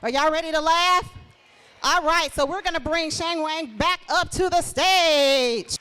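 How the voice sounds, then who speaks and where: Woman host from shreveport, higher voice, pumping up the crowd, long echo from the hall. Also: unhurried. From Shreveport, Louisiana. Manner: warm preachy testimony, rallies the crowd. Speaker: show host. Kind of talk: live event hosting. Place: live event stage.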